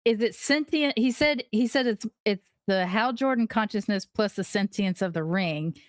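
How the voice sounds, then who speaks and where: A woman's voice: mid-range voice, normal speed, no room sound. A woman co-hosting a podcast, asking questions and floating theories in casual chat. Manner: inquisitive, theorizing. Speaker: podcast co-host.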